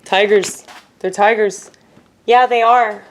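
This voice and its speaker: Woman vlogger, mid pitch, rambling and giggly, faint noise behind. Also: fairly even intonation, slow pace. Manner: rambling, laughing often, drifting from loud to murmured. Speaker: YouTuber. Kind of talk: casual vlog chat.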